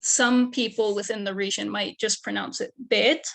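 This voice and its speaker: Young female student researcher, gravelly fry, methodical presenter. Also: medium pitch, fairly even intonation, moderate pace. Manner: methodical, explaining steps one by one. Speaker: undergraduate researcher.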